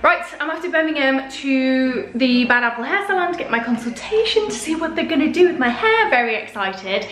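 A woman's voice: high voice, animated, brisk, hardly any pauses, fairly bright tone. A young British woman, a lifestyle vlogger, chatting to camera in a bubbly, gushing way with plenty of fillers. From United Kingdom.

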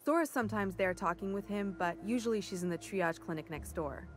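A woman's voice: mid-range voice, brisk, a little hiss or hum, close to an everyday voice. An actress playing a cheerful, folksy woman who recruits for a commune in a video game, chatty and eager to please. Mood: friendly.

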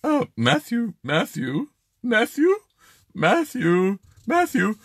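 A man putting on a high falsetto voice to play a polite, well-spoken lady customer who gushes with thanks. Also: wildly swooping pitch, takes it slowly, a bit bright, slightly rough, dry recording, exaggerated voice. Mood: gushing. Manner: high falsetto, prim and gushing.

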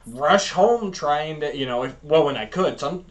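A man's voice: fairly high pitch, measured pace, highs cut off. Man rambling through childhood memories. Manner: rambling, animated storytelling with fillers. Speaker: podcast co-host. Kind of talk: casual chat.

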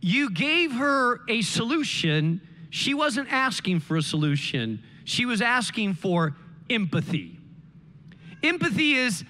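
A man's voice: high-pitched, sing-song, moderate pace, sharp tone, long reverb tail. A man preaching a sermon as pastor, emphatic and full of rhetorical questions to the congregation. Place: church sanctuary.

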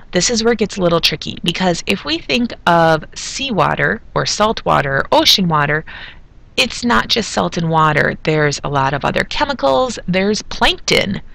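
A woman's voice: on the low side, gravelly, fairly bright tone, no echo. A woman who is a chemistry teacher, giving a recorded video lesson in a chatty way, with asides as she explains.

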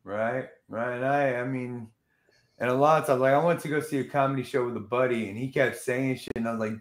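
A young man hosting a casual podcast chat, loud and brash, swearing freely. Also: mid-range voice, steady tone, brisk. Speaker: podcast host.

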